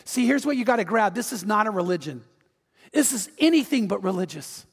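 A man's voice: sits high, brisk, husky, big-room sound. A male pastor preaching a sermon, telling a story with acted-out quotes and urging his listeners on. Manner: animated storytelling, acts out quotes, urges the audience.

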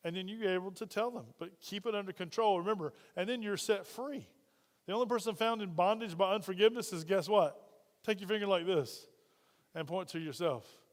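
In a high-pitched voice and at a slightly fast pace, a man preaches as pastor in a conversational style. He asks the congregation questions often, and the sound has a church hall's long reverb.

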